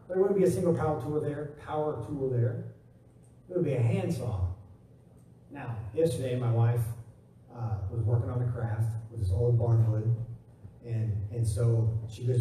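A man's voice: on the high side, normal speed, dark tone, slight background noise. A man preaching a casual, joking sermon as a pastor, acting out quotes in a folksy way. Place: church sanctuary. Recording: echoey hall, mic at a distance.

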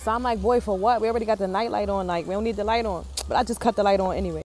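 A mother telling a story in a casual, animated way, full of swearing and drama. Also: mid-range voice, rapid-fire, slight background noise.

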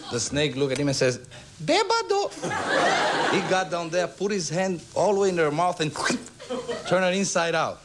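A Brazilian-born man telling comic stories as a guest on a television talk show, breaking into squeaky voices for his characters. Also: moderate pace, background noise. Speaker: guest entertainer.

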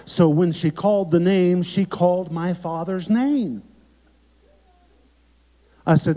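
Male guest preacher, dramatic storytelling, mellow voice in a dull, echoey video recording. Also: high voice, takes it slowly, long pauses. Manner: dramatic, emphatic, with sharp drops to quiet. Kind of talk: sermon storytelling. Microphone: remote video recording.

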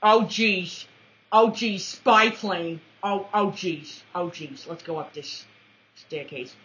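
A woman commentating her own shooter match, with playful trash talk, mock-formal quips and excitable yelps. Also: fairly low pitch, slow pace. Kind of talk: let's-play commentary. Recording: dull lo-fi recording.

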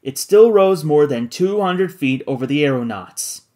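A narrator reading a classic adventure novel aloud in an expressive, dramatic way. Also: medium pitch, a little slow. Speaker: audiobook narrator.

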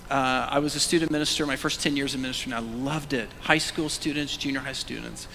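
A middle-aged male pastor preaching a sermon, animated, moving between loud calls and hushed whispers and prompting the congregation to say words aloud. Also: mid-range voice, moderate pace, creaky, slight background noise. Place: church sanctuary. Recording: long church reverb.

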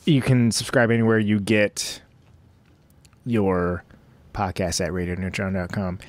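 A man's voice: on the low side, level tone, a little slow, no room sound. Guy hosting his podcast from home, rambly and chatty, pokes fun at himself, dry close sound. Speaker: podcast host. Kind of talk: casual podcast intro monologue.

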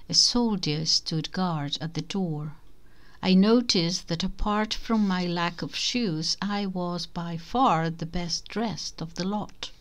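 A woman reading a short story aloud in the first person, slow and measured. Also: on the low side. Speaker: reader.

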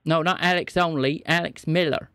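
Gravelly man playing dumb. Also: on the high side, fairly even intonation, normal speed, bright, forceful tone, dry recording. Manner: feigns confusion, plays dumb. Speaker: scam-baiting streamer. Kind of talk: prank call.

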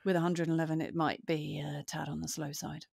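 A woman's voice: sits low, level tone, brisk, vocal fry, darkish tone, breathy edge, no echo, clean studio sound. A woman co-hosting a podcast in casual chat, upbeat, chatty and playful. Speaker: podcast co-host.

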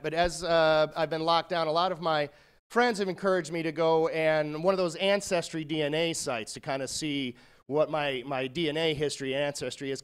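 A man's voice: a little high, smooth. A male comedian telling rambling, self-deprecating stories in a stand-up routine.

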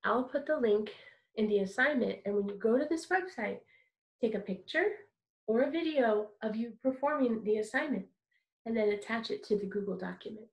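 High-voiced cheerful kindergarten music teacher. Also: female voice, animated, echoey room. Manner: bright, encouraging, sings slowly with exaggerated voice play. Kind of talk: kindergarten music lesson, singing and speaking to children.

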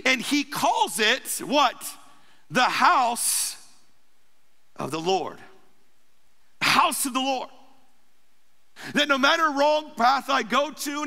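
Male pastor, very high and piercing voice, emphatic sermon delivery, reverberant church hall. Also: bright, forceful tone. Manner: emphatic preaching with repeated phrases. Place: church sanctuary.

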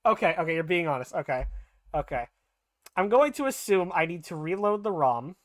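A man's voice: on the high side, lively intonation, fairly quick, dry recording. A young man live-streaming a game, thinking aloud, laughing often and swearing as he plays.

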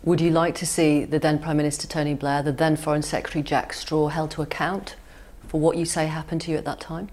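A woman's voice: low-pitched, level tone, fairly quick, hardly any pauses, a little mellow. A woman interviewer on a broadcast news program, asking direct, probing questions.

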